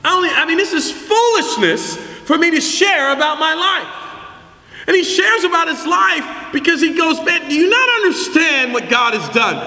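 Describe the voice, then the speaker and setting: A middle-aged male pastor preaching a sermon, telling stories with bursts of shouting. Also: very high voice, normal speed, gravelly. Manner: animated storytelling, shouting for emphasis. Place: large church hall. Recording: echoey church hall.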